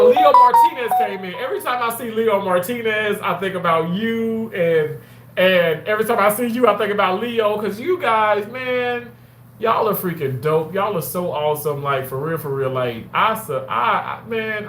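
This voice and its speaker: A man chatting casually with his viewers on a livestream, animated and quick to exclaim. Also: fairly high pitch, roomy sound, slight background noise.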